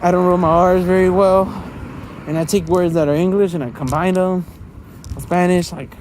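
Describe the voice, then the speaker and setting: Man, casual vlog chatter, walking outdoors, mellow tone, faint street noise. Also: sits high, fairly even intonation, normal speed. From Los Angeles area. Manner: chatty, laughs often, many fillers. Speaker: vlogger. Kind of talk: casual rambling monologue. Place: outdoors walking through a city neighborhood.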